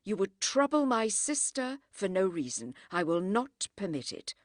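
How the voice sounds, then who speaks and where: A woman reading a firm, proud Edwardian lady who speaks crisply and does not yield. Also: medium pitch, sing-song, normal speed, dry recording, clean studio sound, lightly acted. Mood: defiant. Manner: crisp and unyielding.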